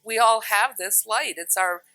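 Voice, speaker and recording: A woman's voice: medium pitch, a little slow, sharp tone, dry recording, faint music behind, poor audio. A woman giving a spiritual teaching talk, earnest and emphatic, repeating phrases for stress.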